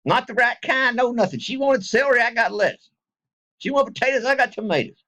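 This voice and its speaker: Folksy high-voiced man. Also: brisk, sharp tone, highs cut off. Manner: folksy, joking, rambling. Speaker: vlogger. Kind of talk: casual direct-to-camera talk.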